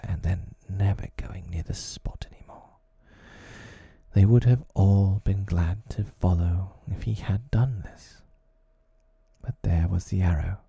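Guy whispering a storybook real slow, dark gravelly voice, whispered role-play, dry close mic. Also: low voice, no echo. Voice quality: whispered, husky. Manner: slow, hushed reading.

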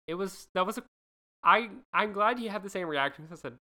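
Woman podcast co-host, lively and bright, slightly low voice. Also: a little fast. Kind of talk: casual chat.

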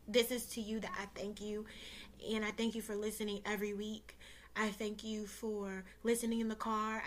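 Young woman podcast host, casual and heartfelt, near tears, talks right to her listeners. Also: mid-range voice. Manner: emotional, close to tears, talks warmly and directly to listeners with many fillers.

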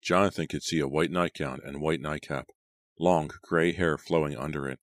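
A man reading a horror story aloud as an audiobook narrator, in a measured storytelling manner. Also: a bass voice, steady tone, no echo. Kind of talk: scripted narration.

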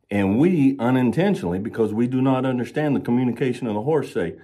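A man with a fairly low, mellow voice talks about horses in a relaxed, folksy way. He tells his examples as little stories and slows down with long pauses to stress each point. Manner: folksy, storytelling with slow emphasized pauses. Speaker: horse trainer and instructor. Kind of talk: relaxed explanatory talk.

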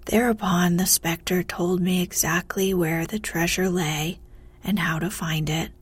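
A woman narrating a fairy tale in a soft, hushed, half-whispered voice. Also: fairly low pitch, steady tone, a little slow, slightly rough. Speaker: storyteller.

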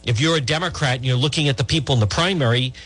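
A man's voice: medium pitch, racing, fairly bright tone, husky, faint music behind. A middle-aged man hosting talk radio, giving blunt, rambling political opinions with many restarts.

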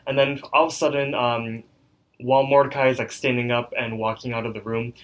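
A man's voice: medium pitch, flat delivery, brisk. A man co-hosting a podcast, loosely retelling the plot with plenty of ums and likes. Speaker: podcast co-host. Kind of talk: casual episode recap.

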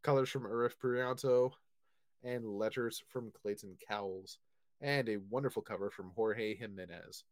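Casual comics podcast co-host, man, a bit low, teasing and loose with swears. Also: normal speed. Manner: playful, swears, laughs often. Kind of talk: casual comic book chat.

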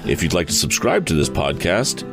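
A man narrating a classic adventure novel as a podcast storyteller, reading in a measured, expressive way. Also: deep voice, gravelly, over music. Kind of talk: audiobook narration.

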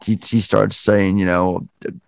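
A man's voice: low-pitched, level tone, unhurried, gravelly, dry recording. A man hosting a podcast, animatedly retelling a film scene in casual chat and acting out the lines. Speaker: podcast host.

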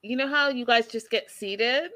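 A woman's voice: a little high, moderate pace, no room sound. A woman hosting a casual chat, animatedly recapping a reality show and acting out what people said. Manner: animated storyteller, acting out quotes with emphasis.

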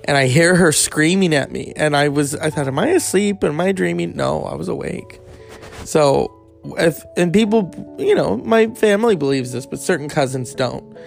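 A man telling a candid personal story in a rambling, casual way, swearing freely and adding animated asides. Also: a little high, moderate pace, vocal fry, faint music behind.

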